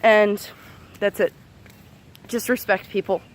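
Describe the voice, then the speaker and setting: A woman doing a heated, profanity-laced vlog rant, her young voice sitting at an ordinary pitch for a woman. She talks straight to camera, sarcastic and exasperated, tripping over fillers as she goes off. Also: steady tone, takes it slowly, slight background noise. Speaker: vlogger. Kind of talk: angry unscripted rant to camera.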